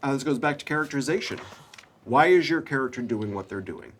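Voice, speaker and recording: A man's voice: medium pitch, animated, quick pace, fairly bright tone, a little hiss or hum. Man, drama panelist, earnest, mid-range voice, acts out examples. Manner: earnest, gives acted examples. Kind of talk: panel discussion.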